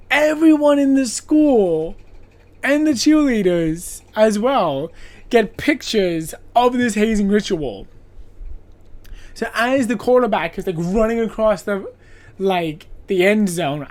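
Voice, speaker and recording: Animated woman recapping a slasher film. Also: mid-range voice. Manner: animated, swearing, acts out characters in quick voices. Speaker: podcast host. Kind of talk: casual movie recap.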